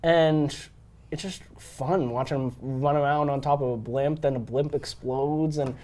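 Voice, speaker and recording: A man's voice: a little high, fairly even intonation, measured pace, warm tone. A young man co-hosting a podcast, chatting casually and enthusiastically about a movie, full of "like" and "um". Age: young adult. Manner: enthusiastic, filler-heavy with lots of "like" and "um". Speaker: podcast co-host. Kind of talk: casual film discussion chat.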